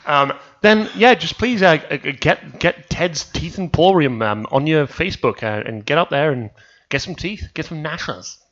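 Playful man with a lively voice. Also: fairly high pitch, normal speed, few pauses. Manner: playful, absurd storytelling. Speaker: podcast co-host. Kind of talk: comedic casual banter. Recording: dull lo-fi podcast mic.

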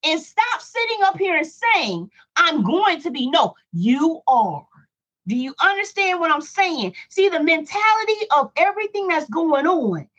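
High-voiced woman preaching a Bible study. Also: very animated, unhurried, fairly bright tone. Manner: repetitive, rhetorical questions, emphatic. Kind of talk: preaching to listeners. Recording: dull lo-fi recording.

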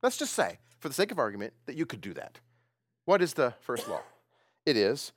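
Animated preacher man, lively questioning. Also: mid-range voice, brisk, dry recording, clean studio sound. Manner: lively, questioning the congregation, laughing often. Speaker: pastor. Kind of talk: sermon.

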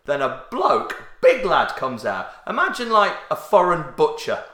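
A man in casual chat, telling an anecdote to a friend and tossing in quick questions. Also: fairly high pitch, huge pitch swings, reverberant, background noise. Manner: chatty, asks quick questions, uses 'mate'.

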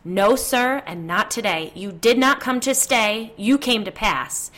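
A woman voicing a blunt middle-aged female psychic who speaks gravely and firmly. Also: on the low side, moderate pace, a bit bright, lightly acted. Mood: commanding, loud. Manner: blunt, commanding.

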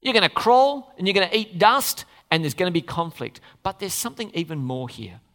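A preacher delivering a sermon in an expressive way, acting out the characters of the scripture story. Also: medium pitch, fairly quick. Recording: long reverb of a large hall.

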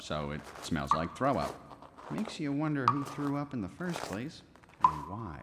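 An actor playing a laid-back, musing police officer. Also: male voice, medium pitch, big pitch swings, a little slow, long reverb tail, very noisy.

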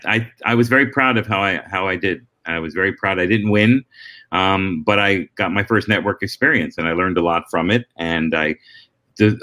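A middle-aged man, a comedian, answering interview questions in relaxed storytelling with frequent restarts and asides. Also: low voice. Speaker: comedian and former talk-show warm-up act.

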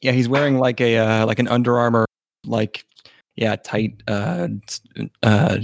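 A man's voice: medium pitch, steady tone, unhurried, vocal fry, dry recording, studio quality. A man co-hosting a casual anime discussion podcast, laid-back, swearing casually and trailing off with fillers. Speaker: podcast co-host.

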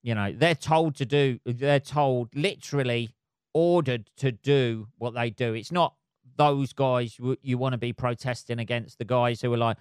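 Guy rambling on his podcast, swears a lot, mocks himself, mid pitch, smooth clear voice. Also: normal speed, dry recording, clean studio sound. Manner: sweary, rambling, self-mocking. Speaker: podcast host. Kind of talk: casual solo monologue. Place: flat at home below noisy neighbours.

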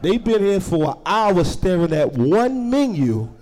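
A young man doing a stand-up comedy set, telling stories loudly and acting out the characters he describes. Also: high voice, a little slow. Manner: loud animated storytelling, acting out characters.

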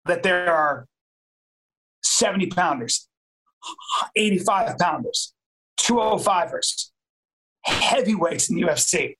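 High-voiced man, emphatic casual chat. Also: fairly bright tone, low-quality recording. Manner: emphatic, swears, repeats phrases.

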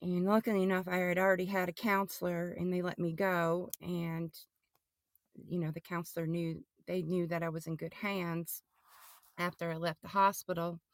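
A middle-aged woman telling her personal testimony as a podcast guest, halting and often restarting or repeating words. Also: fairly low pitch, level tone, no room sound, studio quality.

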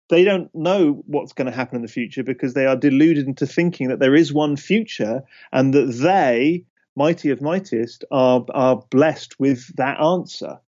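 A man's voice: mid-range voice, a little slow. Emphatic man explaining, dull audio. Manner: emphatic, animated, checks in with "right?" and "okay?". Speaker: podcast guest, speaker on risk. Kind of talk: conversational podcast explanation.

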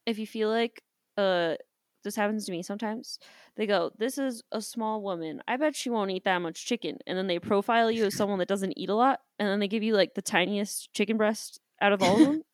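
A woman co-hosting a podcast in casual chat, telling animated stories and acting out the people in them, with some casual swearing. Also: mid-range voice, brisk, dry recording, studio quality. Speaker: podcast co-host.

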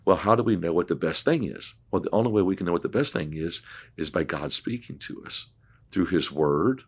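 A man's voice: low-pitched, animated, a little fast, slightly rough. A man, a pastor, telling an earnest story on a podcast and acting out the dialogue, with frequent restarts.

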